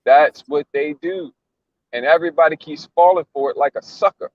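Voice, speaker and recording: A man's voice: fairly high pitch, huge pitch swings, normal speed, gravelly, dry recording, dull audio. A man giving casual religious commentary in a blunt, mocking, slangy way, often repeating himself. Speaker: commentator reacting to a news clip.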